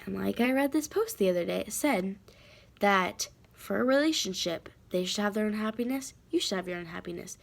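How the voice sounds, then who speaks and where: Teen girl vlogger with a gravelly voice. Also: medium pitch, animated, brisk. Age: teens. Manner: rambling, emotional, many fillers and restarts. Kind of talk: casual confessional chat to camera.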